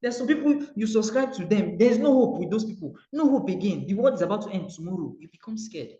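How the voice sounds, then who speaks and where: Nigerian male motivational coach, slightly high voice, lively and repetitive, muffled roomy recording. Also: fast talker. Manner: animated, acts out dialogue, repeats phrases.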